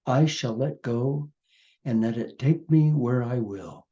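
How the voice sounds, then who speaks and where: A man voicing a weary male river creature who calmly decides to stop clinging to the riverbed. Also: mid-range voice, takes it slowly, muffled recording, close to an everyday voice. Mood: resolved. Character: weary river creature ready to let go, calm.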